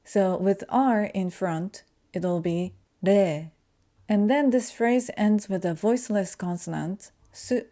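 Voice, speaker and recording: Mellow-voiced woman teaching pronunciation. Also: medium pitch. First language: Japanese. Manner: slow, careful demonstration of sounds. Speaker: language teacher. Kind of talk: pronunciation lesson.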